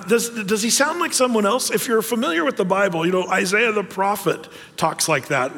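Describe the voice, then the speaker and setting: A man preaching a sermon in a chatty, animated way, full of fillers and asides. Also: sits high, fairly quick, few pauses, in a large hall. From United States. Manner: conversational, animated with frequent fillers. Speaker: pastor.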